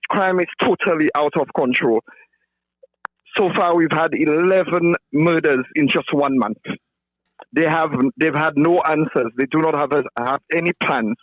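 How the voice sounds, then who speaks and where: A man's voice: fairly high pitch, moderate pace, no room sound, dull audio. A man from Saint Lucia calling a radio show, voicing political complaints and often repeating words as he talks. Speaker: caller.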